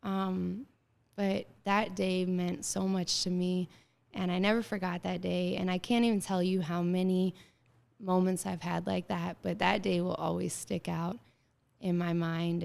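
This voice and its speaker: A woman around thirty, a guest in an interview, telling her story in a lively way and acting out bits of dialogue, with many filler words. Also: fairly low pitch, normal speed, gravelly. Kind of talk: casual interview conversation.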